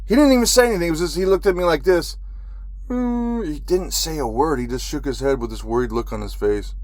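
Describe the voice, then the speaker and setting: A man's voice: fairly high pitch, brisk, a little mellow. A man who is a military veteran, telling a story in an agitated, profane ranting monologue.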